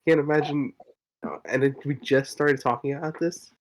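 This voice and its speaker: A man's voice: mid-range voice, steady tone, normal speed. A man playing his character in a tabletop game, casual and agreeable with short replies. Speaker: player. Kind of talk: casual tabletop role-play.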